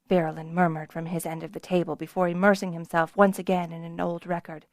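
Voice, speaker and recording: A woman's voice: fairly even intonation, brisk, few pauses, no echo, studio quality. A woman narrating a fantasy audiobook as scripted narration, giving the characters' lines with more lift and volume. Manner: voices characters with rises in pitch and volume.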